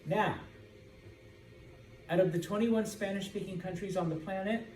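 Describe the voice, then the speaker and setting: An American man teaches a Spanish class in an informal, joking lecture with student call-and-response, checking understanding by asking "okay?" again and again. His voice is high with a darkish tone at a moderate pace. It's recorded from a distance in an echoey classroom, with slight background noise.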